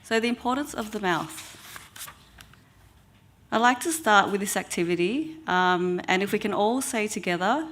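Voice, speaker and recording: A woman presents an educational health talk at a middling pitch. She speaks in a measured way, often pausing on a soft "um". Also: animated, slight background noise. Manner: measured, with frequent ums. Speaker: oral health therapist.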